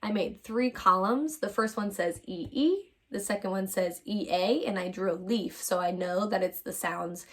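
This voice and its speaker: A woman teacher giving a phonics lesson to young children, warmly upbeat, stretching out sounds and calling her students my friends. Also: medium pitch, normal speed, hardly any pauses.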